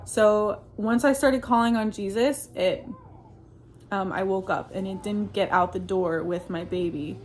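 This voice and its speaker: Woman, casual storytelling monologue, earnest and rambling, lots of fillers and restarts, mid-pitched voice. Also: fairly even intonation, measured pace. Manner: uses religious Christian phrasing. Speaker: vlogger recounting personal experiences.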